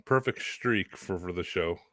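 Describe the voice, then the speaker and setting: A man hosting a casual chat, laid-back and quick to laugh. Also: low-pitched, dry recording. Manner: laid-back, laughs easily, animated asides. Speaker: talk show host.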